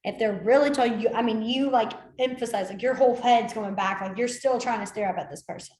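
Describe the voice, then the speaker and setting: Woman, sign language instructor, casual class talk, rambling with fillers, a bit high-pitched, echoey room. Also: brisk, a little mellow. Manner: chatty, rambling, many ums and likes. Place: library classroom.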